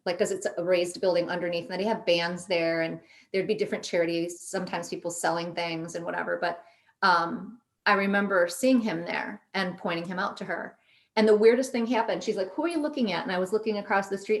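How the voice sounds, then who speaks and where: A middle-aged woman telling a personal story in a casual chat, animated and quoting herself and others as she goes. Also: mid-range voice. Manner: animated, quotes herself in lively voices. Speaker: podcast guest.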